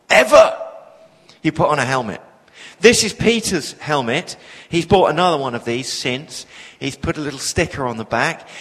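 A man's voice: a little high, fairly bright tone, in a large hall. A middle-aged man preaching a sermon, telling a chatty personal story with self-deprecating humor and frequent fillers.

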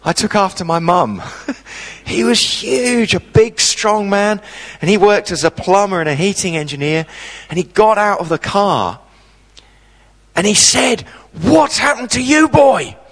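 A man preaching a sermon, telling a personal story with dramatic pauses. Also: sits high, fairly bright tone, in a large hall.

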